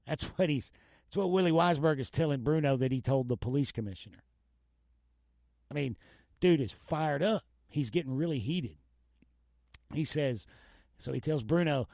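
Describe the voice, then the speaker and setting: A man's voice: a little high, expressive, moderate pace, creaky, pauses often, darkish tone, dry recording, clean studio sound. A man hosting a podcast in a casual, laid-back chat, swearing freely and laughing often. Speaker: podcast host.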